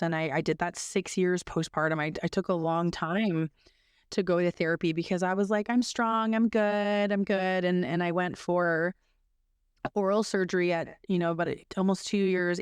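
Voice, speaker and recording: Earnest woman sharing her story, smooth voice. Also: fairly low pitch, normal speed, dry recording, clean studio sound. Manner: earnest, many restarts, animated when quoting others. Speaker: podcast guest. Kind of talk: candid personal storytelling.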